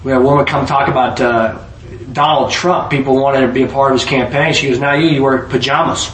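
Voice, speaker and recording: Distant, echoey male preacher. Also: a little fast. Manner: lively storyteller, rises loud to preach then drops low. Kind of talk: sermon with jokes and stories. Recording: echoey room heard from a distance.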